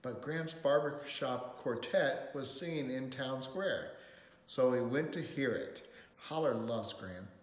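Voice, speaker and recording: A man reading a picture book aloud in an expressive, lilting way. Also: mid-range voice, takes it slowly. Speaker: storyteller. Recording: roomy hall reverb.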